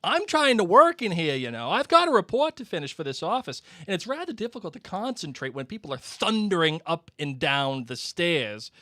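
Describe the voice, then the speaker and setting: A man's voice: on the high side, very animated, brisk, few pauses, bright, forceful tone, no room sound, studio quality, pitched above the performer's own voice. A man reading as a smug, pompous young clerk. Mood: indignant. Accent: Boston.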